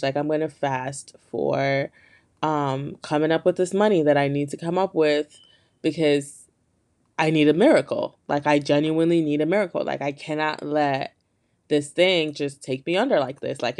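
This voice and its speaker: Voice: medium pitch, steady tone, unhurried, darkish tone. Podcast host just talking straight to listeners, earnest, says like a lot, gets slangy and hyped. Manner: earnest, candid, heavy on filler "like". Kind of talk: casual solo podcast talk.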